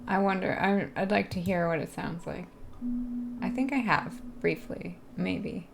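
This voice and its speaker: A woman's voice: lowish voice, measured pace, vocal fry, music in the background. A woman from the US East Coast, chatting casually and rambling as she answers her live viewers' questions. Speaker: live streamer.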